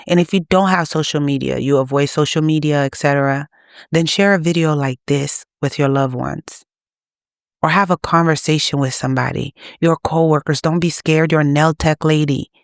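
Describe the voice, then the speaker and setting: A woman's voice: low voice, no room sound. Urgent woman preaching, dry close sound. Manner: urgent, exhorting. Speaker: channel host. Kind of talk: preaching to camera.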